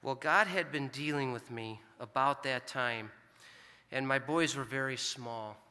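A man's voice: mid-range voice, a little slow, sharp tone, clear, resonant tone. A middle-aged American man preaching a sermon, telling a family story in an earnest, conversational way. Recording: long hall reverb.

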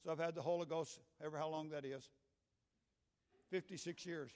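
A man in his sixties with a Southern US accent, preaching a Pentecostal sermon as pastor, moving from quiet storytelling to shouted preaching in a church. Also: on the high side, steady tone, moderate pace. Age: 60s. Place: church sanctuary. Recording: echoey hall with long reverb.

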